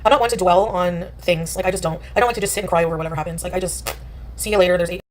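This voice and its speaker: A woman's voice: on the low side, very fast, a little hiss or hum. A woman chatting casually on a livestream, dismissive and rambling, full of filler "like"s. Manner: dismissive, rambling, many likes.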